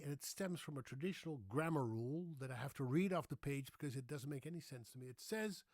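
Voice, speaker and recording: A man's voice: a little high, quick pace, dry recording, studio quality. A man with a Dutch accent, hosting a casual explainer, telling stories and acting out quoted dialogue. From Netherlands. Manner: storytelling, acting out quoted dialogue with lively shifts. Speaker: English-language video host. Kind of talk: anecdotal explainer monologue.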